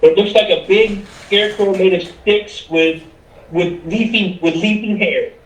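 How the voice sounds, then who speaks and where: A man's voice: sits high, fairly even intonation, unhurried. A man playing a tabletop game, eagerly describing his character's actions. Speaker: player. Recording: roomy distant mic.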